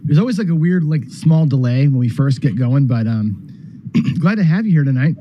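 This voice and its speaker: A man hosting a live gambling charity stream, rambling casually and clearing his throat as he talks. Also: medium pitch, animated, moderate pace, slight background noise. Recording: dull, dry lo-fi stream audio.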